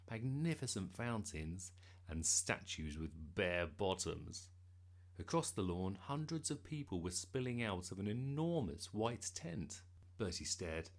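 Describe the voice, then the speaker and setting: Man reading a kids' story, low and gravelly, very animated. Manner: lively, expressive. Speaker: narrator.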